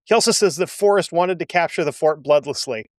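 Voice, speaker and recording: A man's voice: fairly high pitch, brisk, no echo, clean studio sound. A man hosting a history show, telling the story casually with blunt, sarcastic asides. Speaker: history podcast host.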